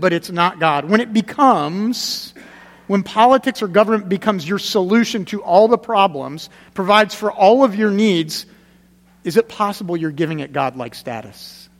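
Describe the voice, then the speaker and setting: In a church sanctuary, a man with a fairly high voice preaches, his words fading into a long hall reverb. Like a pastor talking with his congregation, he drives short phrases home through repetition, then sinks low and quiet for the weighty moments.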